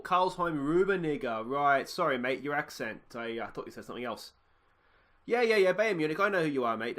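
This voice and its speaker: A man's voice: fairly high pitch, fairly bright tone. A man with an Australian accent playing a brash male football manager taking a phone call, cocky and dismissive. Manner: cocky, dismissive, says mate a lot.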